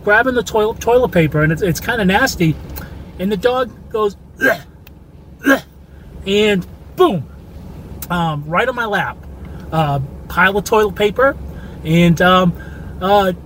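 A man's voice: sits high, a bit bright, a little hiss or hum. A man telling a crude, rambling story in a casual, profane way, full of fillers. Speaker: listener sending a voice message.

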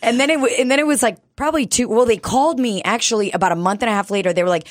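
A woman's voice: fairly high pitch, rapid-fire, no echo, clean studio sound. A woman in casual chat, telling stories with acted-out quotes and laughing often.

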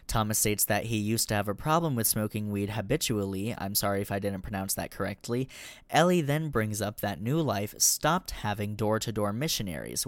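Smooth-voiced young man reviewing films. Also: mid-range voice, no room sound. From Colorado, raised in the US Deep South. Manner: frank and digressive, swears casually. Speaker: podcast host. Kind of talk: casual film review.

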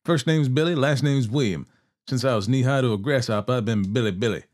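A man's voice: mid-range voice, fairly quick, darkish tone, pitched above the performer's own voice, lightly acted. A man voicing a smug young male outlaw, mocking and cocky.

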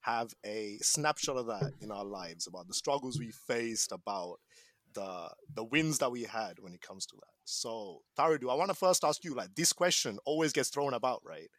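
A young man from Sri Lanka hosts a casual chat podcast, playful and teasing as he hypes up his friends. His voice sits at an ordinary middle pitch. The recording is dry, with the mic close and no room sound. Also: expressive, moderate pace, a bit bright, no echo. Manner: joking, teasing, hypes up guests. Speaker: podcast host.

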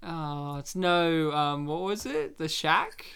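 A man's voice: fairly high pitch, slow pace, crowd noise. A man co-hosting a casual podcast, chatting about a film while it plays, joking, swearing and laughing often. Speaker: podcast co-host. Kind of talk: casual film commentary chat.

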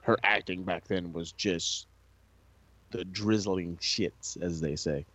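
A man's voice: low voice, slow pace. A man co-hosting a wrestling podcast in casual chat, ranting with lots of swearing. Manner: profane, animated ranting.

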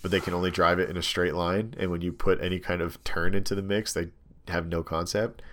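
Casual storyteller: young guy, lowish voice, animated and rambling with lots of filler words. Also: brisk. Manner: rambling, animated storytelling with many ums and likes. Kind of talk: casual chat, telling a story.

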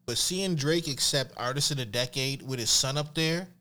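A man's voice: medium pitch, normal speed, sharp tone. A man hosting a casual podcast, reading out a silly story and tweets, laughing often and repeating "you know what I'm saying". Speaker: podcast host.

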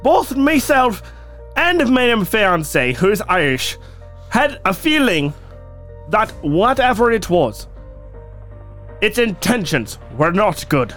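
Man doing a put-on Irish brogue, slow, careful spooky storyteller reading a witness tale. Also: high voice, big pitch swings, fairly bright tone, soft background music, heavily acted. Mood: storytelling. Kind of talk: reading a listener story aloud in a put-on accent.

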